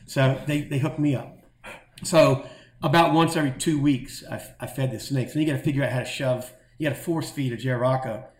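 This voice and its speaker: A middle-aged man telling a long story in a casual, animated way and acting out the voices of the people in it. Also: medium pitch, brisk, reverberant. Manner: animated, acts out quoted voices. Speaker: guest telling stories.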